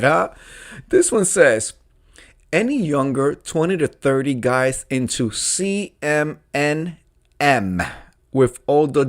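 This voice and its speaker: Slow-talking man reading posts with mocking asides. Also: medium pitch. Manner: animated, mocking, swings to loud outbursts; stutters and restarts. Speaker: livestream host reading forum posts. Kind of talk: casual live-stream commentary.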